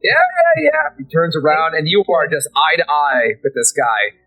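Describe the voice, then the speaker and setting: A man's voice: on the high side, moderate pace, pushed and bright, husky, soft background music, rough recording. A man narrating a tabletop role-playing game as game master, vivid and casual, swearing freely.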